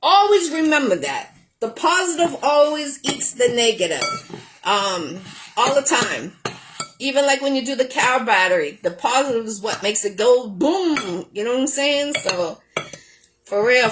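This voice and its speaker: A woman's voice: fairly high pitch, expressive, unhurried, noisy background. Chatty woman hosting a kitchen show. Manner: chatty, rambling, with many ums. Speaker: host of a cooking show. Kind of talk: casual chat while cooking. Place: home kitchen.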